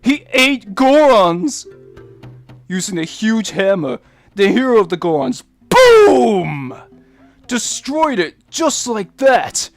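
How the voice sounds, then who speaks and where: A man voicing a small, scared, eager Goron boy from a video game, in a soft, gentle, crying voice. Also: high-pitched, big pitch swings, slow, soft background music, exaggerated voice. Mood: storytelling.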